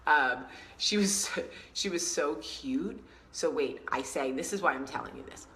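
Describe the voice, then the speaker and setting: Chatty woman with a low, bright voice. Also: unhurried, a little hiss or hum, low-quality recording. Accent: New York. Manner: chatty, animated storyteller who acts out quotes. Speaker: vlog host. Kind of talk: casual storytelling vlog.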